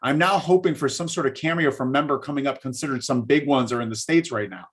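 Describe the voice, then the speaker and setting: A man hosting a casual wrestling talk show who rambles and reads out viewer comments. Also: mid-range voice. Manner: rambling, many fillers, drawn-out. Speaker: podcast host reading viewer comments. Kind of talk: casual chat.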